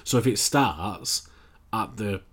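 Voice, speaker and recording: A man in casual chat as a podcast co-host, relaxed, with loose phrasing and restarts. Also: fairly low pitch, slow pace.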